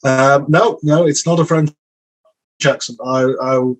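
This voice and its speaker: A man's voice: fairly high pitch, fairly even intonation, measured pace, poor audio. An English man as an interview guest, speaking hesitantly with frequent restarts and repeated words. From England. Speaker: guest sports journalist. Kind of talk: casual interview.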